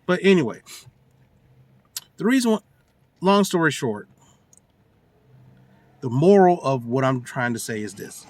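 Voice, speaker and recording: A man's voice: mid-range voice, big pitch swings, a little slow, pauses often, a little mellow, no echo. A man ranting casually to his phone about a friend's relationship, telling the story with acted-out quotes and slang. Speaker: vlogger giving relationship advice. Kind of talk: casual rant to camera.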